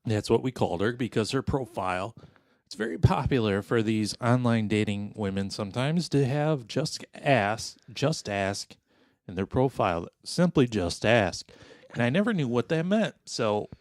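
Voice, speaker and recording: A man co-hosting a casual podcast, talking in a dry, self-deprecating ramble full of fillers. His voice sits at a middle pitch. The sound is dry, with no room echo. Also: animated, moderate pace, darkish tone. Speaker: podcast co-host.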